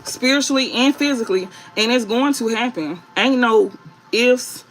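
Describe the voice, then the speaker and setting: A woman's voice: on the high side, moderate pace, over music, rough recording. A woman tarot reader talking straight to her viewers, emphatic and blunt, repeating her points and swearing freely. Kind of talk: spiritual reading to viewers.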